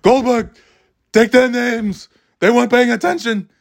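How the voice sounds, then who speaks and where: A man in his forties voicing a gruff, impatient old professor with a thick New York accent. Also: fairly even intonation, a little slow. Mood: stern. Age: 40s. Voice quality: barking, high-pitched.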